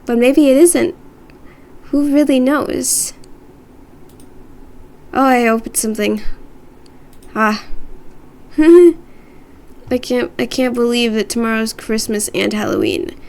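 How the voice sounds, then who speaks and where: Rambling, playful woman streamer with vocal fry. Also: on the high side, animated, measured pace, pauses often. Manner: rambling, playful, self-deprecating. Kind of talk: casual chat with viewers. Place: her own room.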